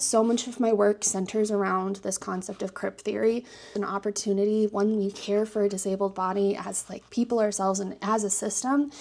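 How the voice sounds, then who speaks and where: Breathless young woman with vocal fry. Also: mid-range voice, darkish tone. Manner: earnest, dropping to a breathy near-whisper at times. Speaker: PhD student and disability advocate. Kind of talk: personal vlog talk to camera.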